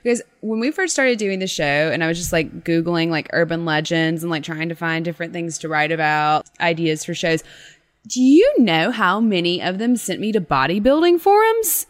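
A woman co-hosting a podcast, retelling a horror story in a loose, chatty way. Her voice sits a little low for a woman. She keeps dropping in "like" fillers as she talks. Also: moderate pace. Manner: animated retelling with many "like" fillers. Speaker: podcast co-host. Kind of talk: casual podcast chat and storytelling.

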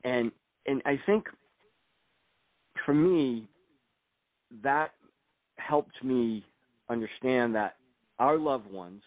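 An older man, a retired agent and author appearing as a guest, speaks softly and reflectively in an interview and reads aloud from his book, often restarting haltingly. His mid-range voice comes over a tinny, dry, phone-like line with no room sound.

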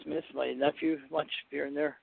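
Gravelly older man on a phone line. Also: a little high, little pitch movement, no room sound. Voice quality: gravelly, husky voice. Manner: blunt and profane, halting with fillers. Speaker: guest. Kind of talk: casual phone chat. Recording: tinny phone line, dry.

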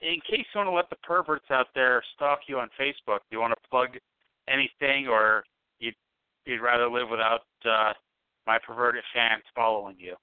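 A man's voice: medium pitch, clear, resonant tone, no echo. Man hosting a call-in show, tinny sound. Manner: joking, teasing, halting. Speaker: podcast host. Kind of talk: casual call-in chat.

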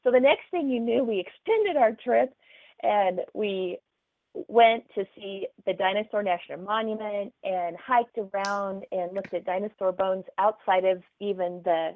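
A woman's voice: mid-range voice, unhurried. A middle-aged woman from Oklahoma with a light Southern accent, a guest author chatting casually in an interview and laughing easily. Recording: tinny phone-like remote call line.

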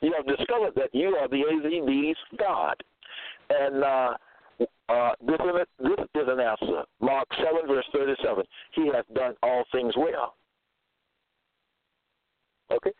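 A man's voice: medium pitch, no room sound. Man preaching over a tinny phone line. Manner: reads verses slowly, repeats "okay?". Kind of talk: scripture-quoting sermon.

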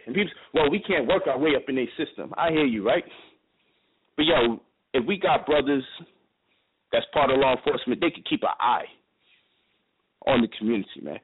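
A man's voice: high-pitched, creaky. A man giving an impassioned, profane monologue as a radio guest, hammering his points with rhetorical questions and repetition. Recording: tinny phone line with faint noise.

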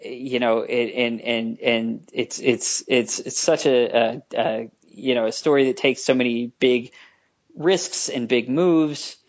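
A man's voice: mid-range voice, steady tone, slow, muffled recording. A man, a comic book writer, talking as a guest in a casual podcast interview, stopping and restarting often and joking with dry sarcasm.

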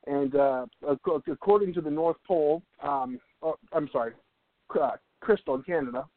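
A man with a fairly high voice hosts a live radio talk show, joking around and rambling with plenty of fillers. The sound is tinny and phone-like, and it is very dry, with no room echo. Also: normal speed. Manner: jokey, rambling, with many fillers.

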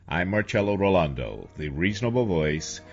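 A man's voice: sits low, sing-song, normal speed, lo-fi sound, faint music behind. A man hosting a talk radio show, reading a scripted political commentary in an impassioned, rhetorical way, building long lists.

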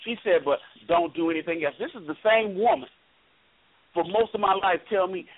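A man co-hosting a call-in radio talk show, telling a story in an animated way and quoting the people in it. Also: sits high, normal speed, breathy edge. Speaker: co-host. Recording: tinny phone-like radio line.

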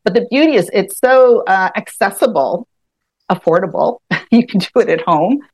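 A woman talking through a calming self-help technique in an easygoing interview. She is animated, laughs often and restarts her sentences as she goes. Her voice is mid-pitched and sounds dry and close. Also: moderate pace, breathy edge, no room sound. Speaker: EFT tapping practitioner, guest. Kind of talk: conversational explaining.

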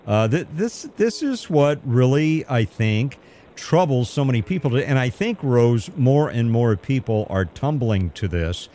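A man hosting a call-in radio show, talking in a measured, earnest way with hesitant restarts. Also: medium pitch, sing-song, dark tone. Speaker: radio talk show host.

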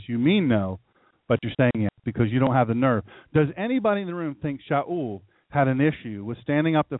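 A man preaching a sermon in a lively, conversational way, talking directly to his congregation. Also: medium pitch, no echo. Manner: animated, conversational preaching with asides to the room. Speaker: pastor. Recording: tinny phone-like sound.

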